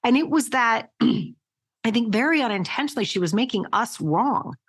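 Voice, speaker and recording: A woman guest on an interview podcast, talking in an animated, emphatic way with casual swearing. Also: a little high, normal speed, slightly rough.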